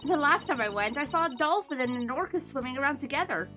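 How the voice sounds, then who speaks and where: A woman voicing an excitable young female lawyer in a video game, over game music. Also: high-pitched, fast talker. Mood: chatty.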